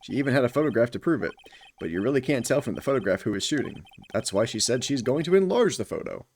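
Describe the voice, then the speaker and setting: Joking, animated male game streamer. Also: medium pitch, fast talker, slight background noise. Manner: joking, casual, chatting with viewers. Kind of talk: live game stream commentary.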